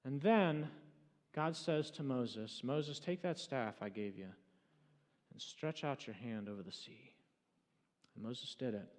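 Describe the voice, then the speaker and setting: A man preaching a sermon as pastor, retelling a story dramatically and swinging between loud, urgent passages and hushed ones. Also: mid-range voice, slow, long pauses. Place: church sanctuary. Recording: church hall reverb.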